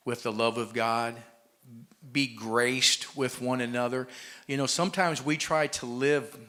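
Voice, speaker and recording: A man pastor speaks to a congregation in an encouraging, exhorting sermon, capping his points with amen. His voice is bright and forceful. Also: on the high side. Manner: encouraging, exhorting, frequent amens. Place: church hall in Malta.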